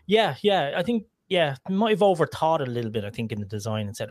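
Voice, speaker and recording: A man's voice: a little high, fast, hardly any pauses, no echo. A man on a podcast, joking and laughing as he rambles. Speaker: podcast co-host. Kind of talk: casual podcast chat.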